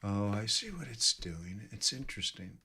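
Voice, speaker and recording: A man's voice: on the low side, very animated, moderate pace, bright, forceful tone, slightly rough. A man giving live trading commentary, thinking aloud and correcting himself as he reads numbers off charts. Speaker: forex trading streamer.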